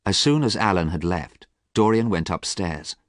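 Deep-voiced man reading a storybook. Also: animated, normal speed, no echo, clean studio sound. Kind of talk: storybook reading for English learners.

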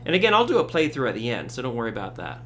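A man giving a casual ukulele tutorial, relaxed, with frequent fillers, counting beats aloud. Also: mid-range voice, very fast, soft background music. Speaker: ukulele teacher. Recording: loud ukulele under voice. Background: ukulele strumming.

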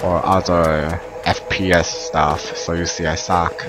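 Deep-voiced young man doing game commentary. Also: takes it slowly, rough recording. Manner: excitable, swears, broken English. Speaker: gameplay commentator. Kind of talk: let's play commentary. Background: game music.

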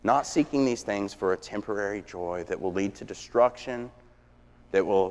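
A man preaching a sermon, telling stories with energy that swings from hushed to shouting. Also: on the low side. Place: church sanctuary. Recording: long church reverb.

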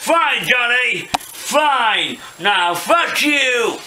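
High, slow, bright-voiced playful young man. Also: a little hiss or hum. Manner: playful, excitable, bursts of shouting. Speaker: puppet skit creator. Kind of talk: improvised toy puppet skit. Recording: echoey room, mic far off.

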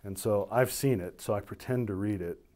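A middle-aged man, a military officer, recounting a personal story in an animated way, slipping into the voices of the people he describes. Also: fairly low pitch, moderate pace. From United States. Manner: animated storytelling, voicing others in dialogue.

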